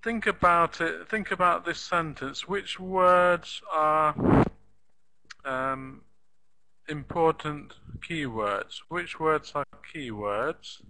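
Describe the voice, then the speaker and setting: Man, English teacher for beginners; slow, careful delivery, bright forceful tone, chants rhythm syllables. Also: fairly high pitch, vocal fry, poor audio. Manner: slow, deliberate, repeats sentences for learners; claps out rhythm with "da da da". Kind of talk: live online language lesson.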